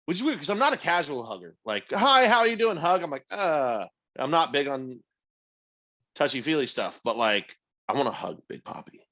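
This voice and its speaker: A man in his thirties co-hosting a podcast, chatting casually in a rambling, animated way. His pitch sits in an ordinary middle range, and he keeps slipping into little voices to act out what other people say. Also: moderate pace. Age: 30s. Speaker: podcast co-host. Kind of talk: casual chat.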